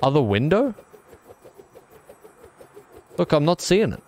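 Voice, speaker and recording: A man's voice: fairly high pitch, big pitch swings, slow, darkish tone, dry recording. Joking young man streaming a game. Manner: rambling, jokey, talks back to chat. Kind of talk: casual gaming stream commentary.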